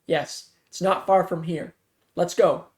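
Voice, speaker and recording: A man voicing a calm adult male survivor guiding others to shelter, in a matter-of-fact way. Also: sits high, slow.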